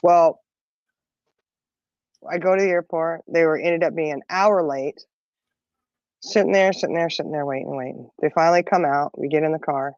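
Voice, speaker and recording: A woman's voice: deep voice, moderate pace, pauses often, darkish tone, no echo. Middle aged lady rambling thru a story w lots of laughs, dry muffled sound. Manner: chatty, laughs often, rambling. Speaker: podcast co-host. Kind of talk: casual storytelling chat.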